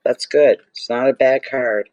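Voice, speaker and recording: A man hosts a tarot reading video, talking slowly and drawing out his words. He gushes and exclaims over each card. The sound is close and dry, with no room echo. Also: mid-range voice, fairly even intonation, a little mellow, dull audio. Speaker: tarot reader. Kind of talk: casual tarot reading vlog.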